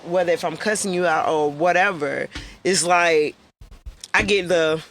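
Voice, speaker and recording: A woman's voice: fairly low pitch, unhurried, a bit bright, a little hiss or hum. A woman guest on a podcast, talking frankly and emphatically in casual chat. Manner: frank, emphatic, repeats her point.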